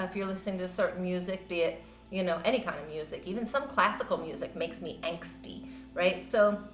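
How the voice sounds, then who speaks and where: Woman, yoga instructor, gentle and encouraging, roomy sound, faint music behind. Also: mid-range voice. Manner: gentle, encouraging, loose conversational teaching with fillers. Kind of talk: guided yoga class instruction.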